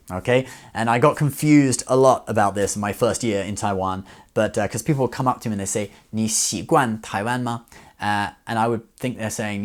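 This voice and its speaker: A man explaining phrases in a relaxed video lesson, often checking in with "okay?". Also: lowish voice. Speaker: Chinese language teacher.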